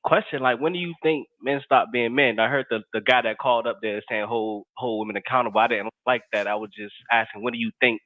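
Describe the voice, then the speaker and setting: A man's voice: medium pitch, no room sound. A man calling into a live show with a question, speaking hesitantly. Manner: hesitant, halting. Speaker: caller. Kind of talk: phone call-in question. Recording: tinny dry phone line.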